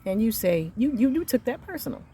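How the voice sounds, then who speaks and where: A woman in her thirties telling an angry story about her son's school, emphatic and reenacting the conversations, swinging between quiet and loud. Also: fairly high pitch, sing-song, brisk, breathy edge. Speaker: mother venting on her channel. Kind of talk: heated storytelling rant.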